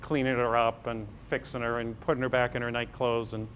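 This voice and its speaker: In a parish hall, a Massachusetts priest and physician in middle age tells stories, humorously acting out the dialogues. He speaks briskly at a medium pitch with little pitch movement and a slightly bright tone, over slight background noise.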